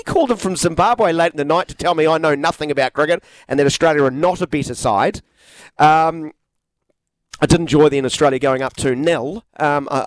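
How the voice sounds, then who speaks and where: A man's voice: a little high, no room sound. A man with a New Zealand accent co-hosting a cricket talk show in a playful, presenter-like way. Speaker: co-host. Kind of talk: casual sports chat.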